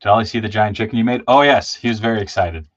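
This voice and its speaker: A man chatting casually while painting a toy figure on a livestream, laughing and lively as he tells stories. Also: fast. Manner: animated, laughing, jumps into high excited voices when telling stories. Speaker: co-host of a toy customizing livestream. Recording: slightly dull lo-fi stream audio.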